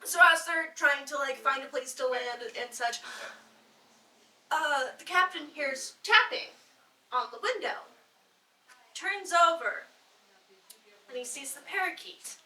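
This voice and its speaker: Woman, high voice, bright tone, giggly rambling joke teller, distant mic, echoey room. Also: unhurried, pauses often. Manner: giggles through her own jokes, rambling with fillers. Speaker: joke teller at a bardic circle. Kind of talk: casual live joke telling. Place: indoor gathering room with listeners. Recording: roomy echo, voice from a distance.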